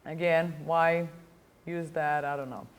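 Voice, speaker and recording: A woman's voice: low voice, fairly even intonation, unhurried. A middle-aged woman whose first language is German lectures a language class from a sparse classroom. She explains patiently in English, slips into German, and keeps asking "ja?" to check that students follow. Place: bare classroom.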